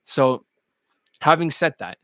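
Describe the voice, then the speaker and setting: A man giving a coaching rant as a dating coach, crude, animated and mocking. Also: on the high side, takes it slowly, dry recording, clean studio sound.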